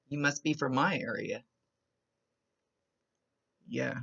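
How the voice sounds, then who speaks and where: Gravelly psychic medium woman, lo-fi. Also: extremely low pitch, normal speed, long pauses, fairly bright tone. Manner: chatty, describing visions as they come with restarts. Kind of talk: recorded reading monologue to a client.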